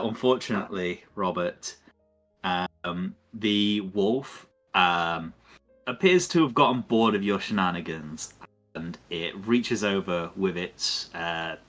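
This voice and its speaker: A man narrating as dungeon master, measured and descriptive, thinking aloud between rulings. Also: low-pitched, fairly bright tone. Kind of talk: narrating a tabletop game.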